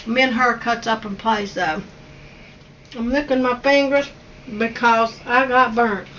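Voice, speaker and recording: A woman's voice: on the high side, fairly even intonation, measured pace, fairly bright tone, recorded from a distance, highs cut off, slight background noise. A woman with an Appalachian accent hosting a home cooking video, talking in a homey, chatty, teasing way in her kitchen. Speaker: cooking show host. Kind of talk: casual kitchen chat. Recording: voice from away from the mic, faint music.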